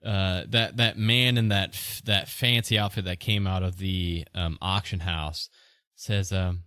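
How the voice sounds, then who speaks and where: A man narrating a tabletop game as dungeon master, with a halting, filler-heavy delivery. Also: sits low, steady tone, bright, forceful tone, clean tone, no echo, clean studio sound. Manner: hesitant, lots of fillers.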